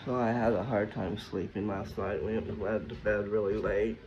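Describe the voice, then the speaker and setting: A man's voice: on the low side, fairly even intonation, normal speed, a little mellow, dull audio, slight background noise. A man vlogging casually at home, talking in a scattered, rambling way straight to his viewers as he walks between rooms. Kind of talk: casual rambling vlog talk.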